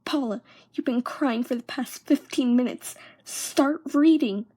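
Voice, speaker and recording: A woman's voice: medium pitch, lively intonation, moderate pace, a little mellow, close to an everyday voice. A young woman voicing a stern, harsh schoolteacher who scolds coldly in a scratchy voice. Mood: scolding. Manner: cold, scolding.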